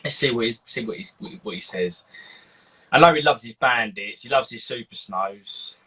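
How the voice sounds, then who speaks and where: A man hosting a casual live stream, chatty and animated, acting out quotes as he tells stories. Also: mid-range voice, moderate pace, husky, low-quality recording. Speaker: host.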